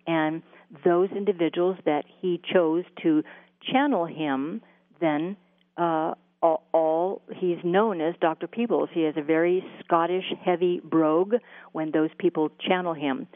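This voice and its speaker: A woman interviewed as a guest, telling a long story about her spiritual channeling in a halting way, with many fillers and restarts. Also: on the low side, fairly even intonation, no echo. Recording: phone-like line with a dry sound.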